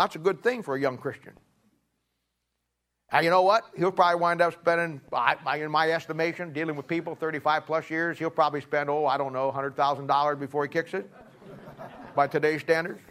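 A man's voice: a little high, fairly bright tone. A middle-aged man, preaching a sermon in a folksy storytelling way and acting out both sides of a talk. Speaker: pastor.

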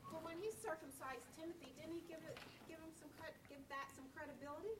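Woman in the congregation, hesitant question, high voice, faint and far off in an echoey hall with background noise. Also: steady tone, fast. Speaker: congregation member asking a question. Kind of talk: question from the audience. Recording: distant echoey room mic with background noise.

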